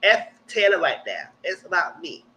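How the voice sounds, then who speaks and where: Animated man recapping reality TV. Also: sits high, moderate pace, poor audio. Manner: animated, exaggerated re-enactments of cast reactions. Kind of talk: live casual commentary.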